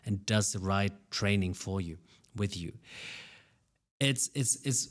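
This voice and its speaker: A man with a lowish voice answers interview questions about his work as a public speaking coach. He talks with lively energy and often stumbles over his first words before finding his point. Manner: energetic, animated, repeats words when starting sentences.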